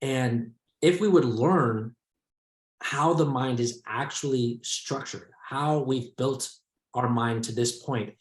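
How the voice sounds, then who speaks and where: A man's voice: medium pitch, slow. A man hosts a casual podcast discussion with a mid-range voice. He muses at length and circles back over his own phrases. His voice rings in a roomy, echoey space. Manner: rambling, reflective, many restarts. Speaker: podcast host. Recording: echoey room.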